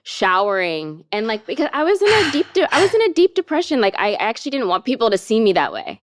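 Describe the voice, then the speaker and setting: Smooth-voiced young woman, soft and halting. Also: on the high side, wildly swooping pitch. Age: young adult. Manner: soft, halting, many fillers. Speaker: guest. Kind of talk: candid interview talk.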